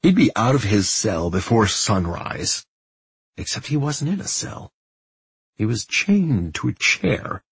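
A man reading a novel aloud as an audiobook narrator, in a steady, measured storytelling manner. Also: medium pitch, vocal fry, slightly rough, no room sound. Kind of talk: scripted narration.

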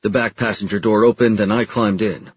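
A man reads a first-person audiobook in a low, husky voice, telling it plainly and matter-of-factly. The recording is dry and somewhat dull. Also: steady tone, fairly quick, no echo. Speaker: narrator.

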